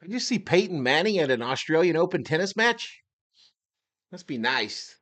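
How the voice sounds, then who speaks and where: A man hosting a live sports stream, chatting in an upbeat, slangy way and giving shout-outs to his chat. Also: on the high side, big pitch swings, moderate pace.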